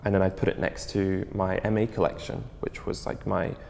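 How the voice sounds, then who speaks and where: A man's voice: low voice, flat delivery, normal speed, vocal fry, a little mellow, big-room sound, slight background noise. A man in his thirties, a fashion designer, answering interview questions in a chatty, loose way full of fillers. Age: 30s. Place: interview studio.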